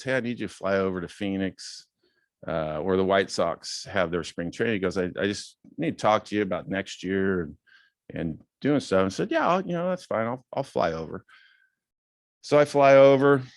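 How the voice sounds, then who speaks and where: A man in his fifties giving a casual talk as a guest speaker, relaxed and rambling with many fillers, lifting his voice when quoting others. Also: on the low side, no echo, studio quality. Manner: acts out quoted dialogue in a raised voice. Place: club meeting room.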